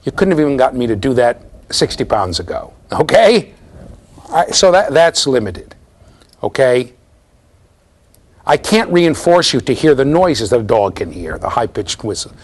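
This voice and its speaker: Middle-aged guy lecturing in a hall, lively up-and-down voice, keeps asking right? okay?. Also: medium pitch, normal speed. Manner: animated storytelling, mimics voices, asks the class "right?". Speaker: university lecturer. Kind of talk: classroom lecture.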